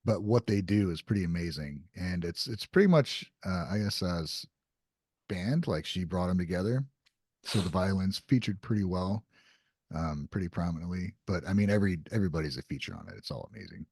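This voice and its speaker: A man with a low, slightly husky voice chats easily as a podcast co-host. He sometimes reads news items aloud in an unhurried tone. The sound is close and dry. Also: lively intonation, a little mellow, no echo. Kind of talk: casual chat.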